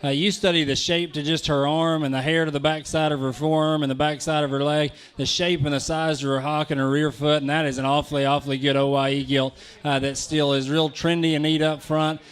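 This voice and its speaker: A man's voice: on the high side, flat delivery, fairly quick, few pauses, clean tone. Rambling man commenting on show pigs. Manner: rambling, repeats words. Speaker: livestock sale commentator. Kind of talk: casual ringside commentary.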